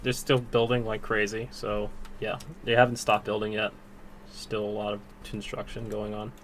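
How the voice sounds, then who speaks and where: A man's voice: on the low side, completely flat delivery, moderate pace, slight background noise. A man hosting a livestream, chatting in a friendly way, laughing often and repeating himself. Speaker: livestream host. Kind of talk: casual livestream chat.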